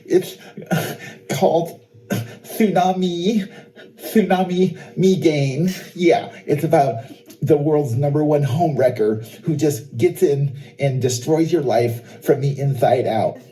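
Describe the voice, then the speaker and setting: A man doing a shrill cackling scheming wife. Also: takes it slowly, dark tone, poor audio. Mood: gushing. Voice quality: high squealing falsetto with constant cackles. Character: shrill giggly scheming wife, a grown woman, boastful. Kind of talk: parody sketch acting.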